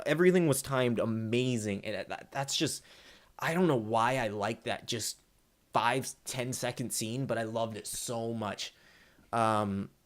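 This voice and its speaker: A young man talks through a film he just saw in a loose, rambling way, full of ums and restarts. His voice sits at an ordinary middle pitch, and he gets excitable and hyped when he reaches the parts he loved. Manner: excitable, rambling, many fillers. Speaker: movie reviewer. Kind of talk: casual spoiler movie review.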